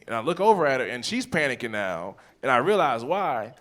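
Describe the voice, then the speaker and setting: A man's voice: mid-range voice, brisk. A man in his forties doing live stand-up, telling a profane family story and acting out the people in it. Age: 40s. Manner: animated, profane, acts out scenes in quoted voices. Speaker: stand-up comedian. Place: comedy theater stage.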